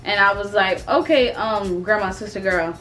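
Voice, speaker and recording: A young woman in her twenties tells a casual storytime straight to her audience. She talks in an animated, profane way and laughs often, with faint music underneath. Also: mid-range voice, moderate pace. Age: 20s. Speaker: vlogger.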